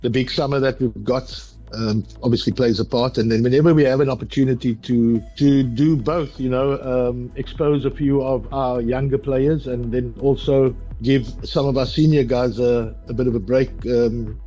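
A man, a cricket coach, answers an interview question in a halting, searching way. His voice is mellow and darkish. The clip sounds dull and slightly lo-fi, with faint music under it. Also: mid-range voice, fairly even intonation. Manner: halting, with many ums and restarts.

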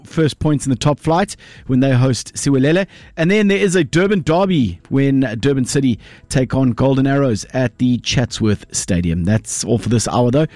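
A man reading a scripted sports news bulletin on radio, in a steady, crisp delivery. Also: mid-range voice, dry recording. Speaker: sports newsreader. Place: radio studio.

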